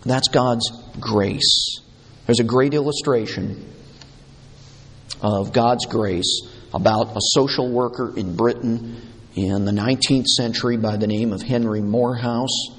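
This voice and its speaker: Male pastor, mid-pitched, unhurried, emphatic delivery, echoing hall. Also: fairly even intonation, a bit bright, breathy edge. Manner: deliberate, emphatic, repeating key words. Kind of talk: sermon. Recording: long hall reverb.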